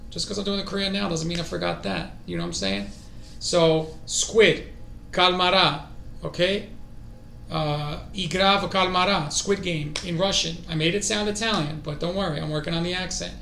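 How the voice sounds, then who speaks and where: A man streaming his own language study, excitable and thinking aloud as he goes. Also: high-pitched, gravelly, reverberant, a little hiss or hum. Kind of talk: casual self-study stream.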